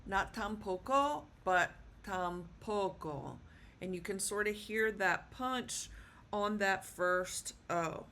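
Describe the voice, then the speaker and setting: Slow-paced woman teaching at a board. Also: medium pitch, fairly even intonation, pushed and bright, slight background noise. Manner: patient, many fillers and check-ins like okay. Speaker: Spanish teacher. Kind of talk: classroom lesson at a board.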